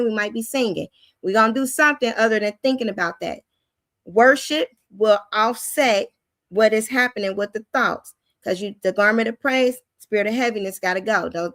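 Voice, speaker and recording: A Christian teacher and host with a fairly high voice teaches loosely and conversationally, plain-spoken and animated. The recording is dry and close, with no room sound.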